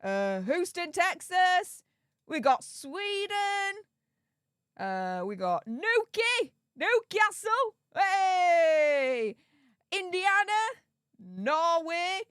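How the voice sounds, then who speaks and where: A woman's voice: very high-pitched, sing-song, drawn-out words, fairly bright tone, dry recording, studio quality. A woman with a Yorkshire accent hosting a casual livestream, bubbly and effusive as she greets viewers one after another. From England. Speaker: livestream host. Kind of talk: casual livestream chat with viewer shout-outs.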